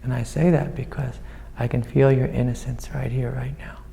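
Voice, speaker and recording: A man speaking as a spiritual teacher, guiding a student in a gentle, soothing way and calling her sweetie. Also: mid-range voice, level tone, normal speed, vocal fry. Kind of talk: satsang guidance to a student. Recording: long hall reverb.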